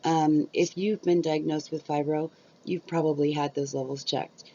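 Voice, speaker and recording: A woman's voice: deep voice, fairly even intonation, moderate pace, mellow. A middle-aged woman chatting casually to her viewers from home, rambling with lots of fillers, recorded on a cheap mic. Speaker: YouTuber. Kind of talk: casual chat to camera. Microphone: cheap built-in camera mic. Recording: dull lo-fi sound.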